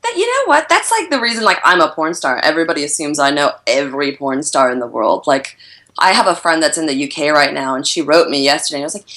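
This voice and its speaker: A woman's voice: deep voice, expressive, fast talker, a bit bright. A woman from the United States with an American accent that drifts toward Australian, chatting casually and bluntly, swearing freely and laughing often. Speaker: guest, adult film performer. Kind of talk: casual podcast chat.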